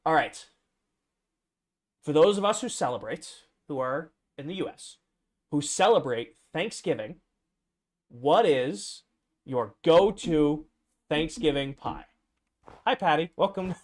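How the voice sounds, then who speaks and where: A man streaming a game, chatting casually, reading out and reacting to viewers' answers with playful opinions. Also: on the high side. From United States. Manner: reads viewer replies aloud, playful and opinionated. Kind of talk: casual livestream chat over gameplay.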